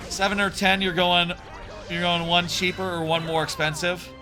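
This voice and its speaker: A man's voice: high-pitched, little pitch movement, normal speed. A man in his thirties chatting casually on a live stream while he plays, rambling with many fillers and restarts. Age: 30s. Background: faint game music.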